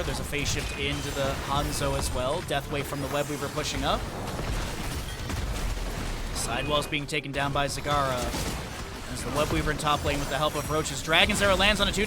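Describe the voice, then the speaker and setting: A man's voice: a little high, heavy background noise. A man giving solo play-by-play commentary on an esports match from home, rattling off game events and lifting his voice at big plays. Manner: fast rundown of game events, bursts of excitement at big plays. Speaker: esports caster. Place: home, with a dog in the room.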